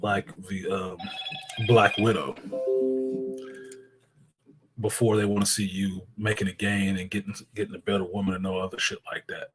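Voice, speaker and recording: A man's voice: low-pitched, flat delivery, normal speed, pauses often, music in the background, low-quality recording. A man hosting a live stream, chatting loosely with viewers, joking, swearing and reading out their messages. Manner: swears freely, slangy. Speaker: livestream host.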